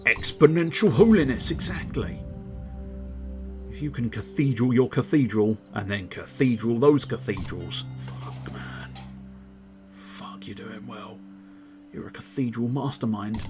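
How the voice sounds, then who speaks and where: A man's voice: fairly low pitch, lively intonation, a little slow, over music. A man casually commenting on a board game he plays live, chatty and self-mocking, with plenty of swearing. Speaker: livestreamer playing board games. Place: at home.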